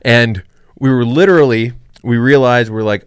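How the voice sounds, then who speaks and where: A man telling an old work story in a casual chat, deadpan and swearing freely. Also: medium pitch, normal speed, clear, resonant tone, dry recording, studio quality. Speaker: podcast guest, comedian.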